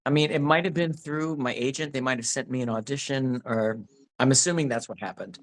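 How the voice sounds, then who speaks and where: A man's voice: mid-range voice, brisk. Rambling, hesitant man. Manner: rambling, hesitant, many restarts and fillers. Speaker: actor, interview guest. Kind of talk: casual interview chat.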